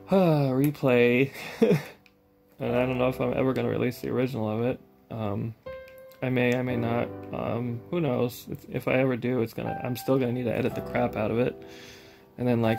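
A man's voice: medium pitch, vocal fry. A man hosting a let's play, chatting casually and rambling about the game and his channel. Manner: rambling, self-deprecating, laughs often. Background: game music.

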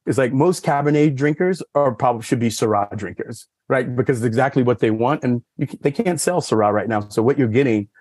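A man's voice: brisk, few pauses, darkish tone, dry recording. A man who is a sommelier, telling stories as a podcast guest in casual chat, with lots of "you know" and "like", acting out quoted dialogue. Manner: rambling storyteller, many fillers like "you know" and "like"; acts out quoted dialogue with raised pitch.

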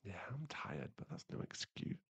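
A man's voice: medium pitch, lively intonation, moderate pace, gravelly, darkish tone, no echo. A man voicing a young boyfriend who is hot-tempered but remorseful, in a whispered role-play, swearing and then murmuring apologies.

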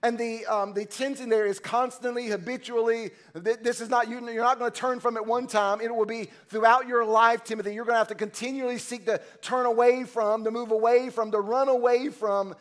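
A man's voice: extremely high pitch, flat delivery, brisk, hardly any pauses. A man, the senior pastor, preaching a sermon at a church service in an impassioned, emphatic way that builds through repetition.

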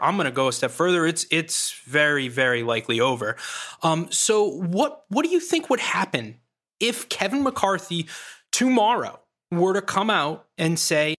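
Bright-voiced man asking a question. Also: a little high, sing-song, normal speed. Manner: conversational, builds a long question. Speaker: host. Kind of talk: interview question.

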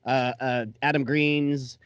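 A man's voice: medium pitch, level tone, slow, clean tone, no echo, lo-fi sound. A man co-hosting a podcast, chatting casually, swearing and agreeing readily. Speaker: podcast co-host.

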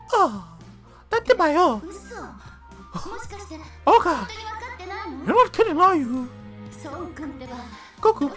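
A woman voicing a bossy, exasperated genius woman in a squawking, scolding high voice over a video game. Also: a bit bright, full character voice. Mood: worried.

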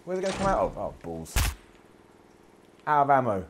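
A man's voice: medium pitch, big pitch swings, normal speed, background noise. A man giving self-deprecating, sweary commentary while playing a video game. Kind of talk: gameplay commentary.

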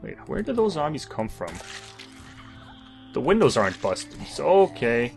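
A man's voice: mid-range voice, wildly swooping pitch, normal speed, creaky, soft background music. A man commentating his own zombie game playthrough, swearing, joking and talking to himself in exasperation. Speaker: gamer. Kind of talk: let's play commentary.

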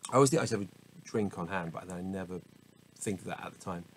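A man with a fairly low voice works his way through a list of hard words in a casual, unscripted read. He trips on the harder ones and corrects himself with wry little asides. A faint hiss sits under the home recording. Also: quick pace, rough recording. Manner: stumbles over hard words, self-corrects, laughs at himself. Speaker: host reading the dictionary aloud. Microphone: small camera mic.

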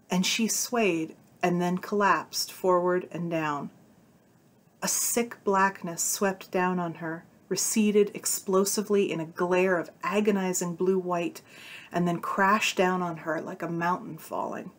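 Female narrator with a lowish voice; reads fiction aloud, voicing characters lightly. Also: fairly even intonation, unhurried. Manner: voices the characters' dialogue with shifts of tone. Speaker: narrator reading a short story aloud. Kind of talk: audiobook-style story reading.

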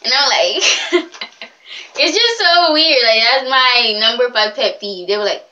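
A woman's voice: a little high, animated, takes it slowly, sharp tone. A young woman chatting in a rambling, giggly way in a casual vlog. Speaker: vlogger.

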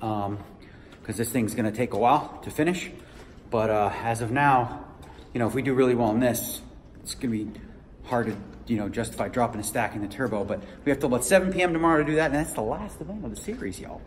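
A chatty man recording a casual vlog, speaking at a middle pitch in a loose, offhand way. He laughs often and calls his viewers "y'all." Steady ambient noise sits clearly behind him. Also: fast talker. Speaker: poker player vlogging his tournament day.

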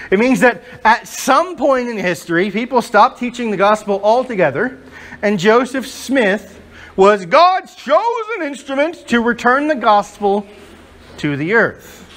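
A male pastor preaches to his congregation in a voice that sits high for a man. He is emphatic and leans on rhetorical questions to carry the point. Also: a bit bright. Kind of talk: sermon. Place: church before a congregation.

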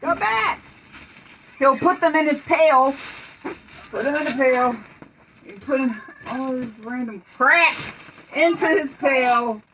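A woman reading a children's book aloud at home, playful and coaxing, giving quick directions during pretend play. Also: sits high, lively intonation, sharp tone, a little hiss or hum, rough recording.

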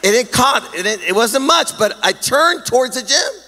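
Pastor preaching in a big church hall with long reverb, man with a high voice and a lilting, animated delivery. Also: moderate pace. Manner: animated preaching, sing-song emphasis, self-deprecating humor. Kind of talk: sermon.

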